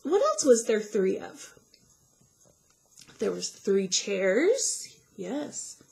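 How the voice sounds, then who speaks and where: A woman teacher reading a fairy tale aloud to children, slow and animated, asking them questions along the way. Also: high voice.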